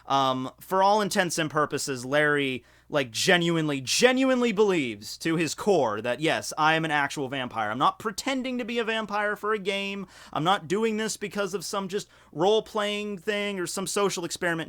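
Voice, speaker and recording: A man with a bright, forceful voice, pitched a little high, tells a story on his vlog. He rambles and swears freely in animated bursts. He sounds casual and unscripted. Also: normal speed, hardly any pauses. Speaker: YouTuber telling a story.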